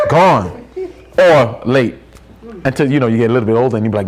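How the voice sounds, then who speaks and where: A man's voice: on the high side, moderate pace. A man leading a church Bible study in an informal, conversational way, often restarting sentences and checking in with the group. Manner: conversational, repeats words and restarts, asks the room for agreement. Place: church hall.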